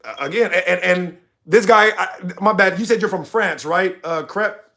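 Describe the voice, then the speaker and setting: A man's voice: sits high, moderate pace, gravelly, sharp tone. A young man hosting a livestream, talking passionately and ranting straight to his chat. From United States. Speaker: livestream host. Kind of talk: heated livestream commentary.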